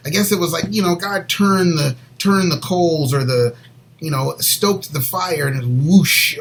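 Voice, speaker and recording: Guy talking about his faith, earnest, kinda rambly, slightly high voice, goes almost whispery sometimes. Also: unhurried, slight background noise, rough recording. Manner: earnest and rambling, drops soft near whispers. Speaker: co-host of a Christian faith show. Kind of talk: personal faith testimony, casual chat.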